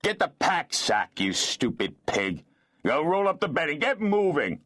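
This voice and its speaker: A man's voice: on the high side, very animated, measured pace, voice pushed up. A male audiobook narrator voicing a slovenly, cringing farmer who stammers and whines plaintively. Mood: snarling. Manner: stammering, sniveling. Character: whining, cringing grown man, a slovenly evicted farmer. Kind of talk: audiobook character voice.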